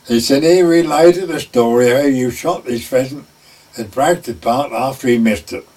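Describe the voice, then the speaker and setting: A man's voice: medium pitch, normal speed, darkish tone. Older man telling yarns, distant mic. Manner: folksy anecdote, acting out the quoted voices. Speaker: former gamekeeper. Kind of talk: oral history storytelling. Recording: voice picked up from a distance.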